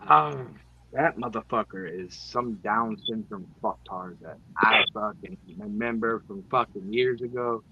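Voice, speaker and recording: A man's voice: on the low side, a little slow, muffled recording, heavy background noise. A man on a podcast panel, ranting profanely in casual chat.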